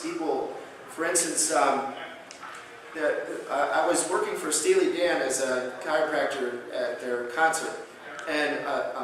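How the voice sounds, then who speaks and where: A man lecturing as a chiropractor at a conference, telling a patient story with lively acted-out quotes. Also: a little hiss or hum. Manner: animated storyteller, acts out quotes with big pitch jumps. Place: conference hall. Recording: very echoey hall, voice from far off.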